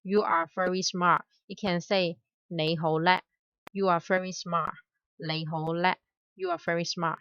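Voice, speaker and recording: Slow, careful woman teaching with bright tone. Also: lowish voice, little pitch movement, smooth, highs cut off. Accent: Hong Kong Cantonese. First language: Cantonese. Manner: repeats each word twice, careful and patient. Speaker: language teacher. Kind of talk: slow spoken language lesson.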